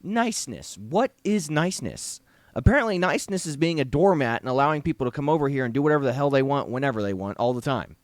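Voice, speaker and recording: A man's voice: mid-range voice, lively intonation, quick pace, dry recording. A man hosting a talk show, giving indignant commentary with rhetorical questions. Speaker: show host. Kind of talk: opinionated commentary chat.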